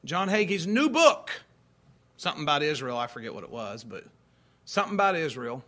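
A man's voice: fairly high pitch, sing-song, fairly quick, fairly bright tone. A man in his forties, a pastor, preaching a folksy, conversational sermon full of rhetorical questions. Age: 40s.

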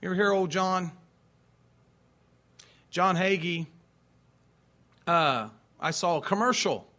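High, bright-voiced preaching man in his forties. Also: slow pace. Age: 40s. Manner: folksy, conversational preaching with rhetorical questions. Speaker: pastor. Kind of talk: sermon.

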